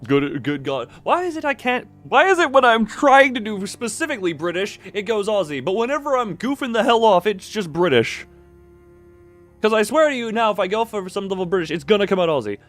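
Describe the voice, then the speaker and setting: A man's voice: sits high, a little fast, soft background music. A man streaming a game live, joking with chat and reading the subtitles aloud. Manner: jokey and animated, trying out voices.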